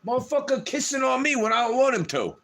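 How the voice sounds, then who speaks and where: A man's voice: very high voice, big pitch swings, fast talker, gravelly, fairly bright tone. A man on a livestream delivering a heated, profane rant straight to his audience.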